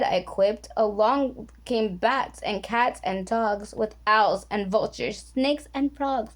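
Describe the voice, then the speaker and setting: A woman's voice: a little high, lively intonation, slow, few pauses. A woman reading a rhyming picture book aloud in a sing-song, playful way. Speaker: storybook reader.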